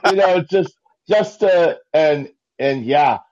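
A man calling in to a live talk show, telling jokes in a halting way with many restarts. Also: on the high side, darkish tone. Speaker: caller. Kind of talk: casual call-in chat. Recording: dull lo-fi call-in line.

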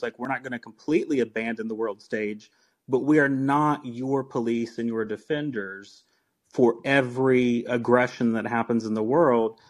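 A man calls in to a podcast and rambles earnestly through his point. His voice sits in a middle pitch. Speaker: caller. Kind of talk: call-in discussion.

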